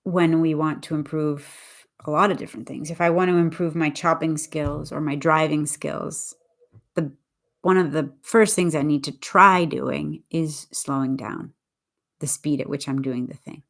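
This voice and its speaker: A woman with a low voice teaches on a livestream in a relaxed, chatty way. She thinks aloud as she talks, often stopping to restart a sentence and choose her words with care. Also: vocal fry. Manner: thoughtful, deliberate, with frequent restarts. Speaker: English teacher. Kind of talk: casual livestream talk.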